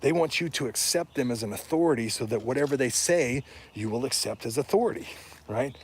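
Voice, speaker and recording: A man's voice: mid-range voice, expressive, brisk, a little hiss or hum. A man in casual talk, speaking bluntly and emphatically, often rising into indignant rhetorical questions. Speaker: podcast guest or host discussing heathen religion.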